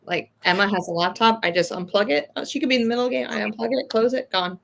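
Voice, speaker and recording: Woman, mother, gravelly voice, blunt joker in a relaxed group chat. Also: fairly high pitch, fast, slight background noise. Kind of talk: casual chat.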